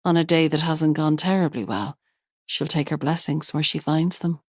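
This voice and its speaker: A woman narrating a thriller audiobook in a measured, calm way. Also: low-pitched, breathy edge, dry recording, clean studio sound.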